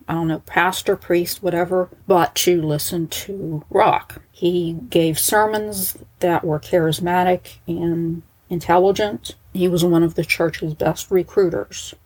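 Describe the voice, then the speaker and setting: A woman narrates in a loose, conversational way and keeps breaking off for wry personal asides. Her voice is a little husky and sits on the low side. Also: fairly even intonation, a little slow, few pauses, a little mellow, poor audio. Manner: chatty, aside-prone, wry. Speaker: storyteller. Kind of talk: casual narration.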